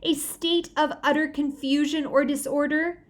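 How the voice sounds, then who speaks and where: A woman's voice: sits high, steady tone, measured pace, pitched above the performer's own voice. A woman doing a haughty, cranky teen girl. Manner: prim and loud, lecturing. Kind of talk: children's audiobook reading.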